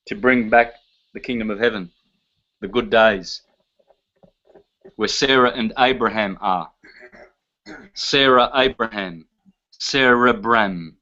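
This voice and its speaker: A man's voice: medium pitch, slow pace, long pauses, a bit bright, dull audio. A man lecturing to a live audience in an emphatic way, listing terms one by one and asking rhetorical questions.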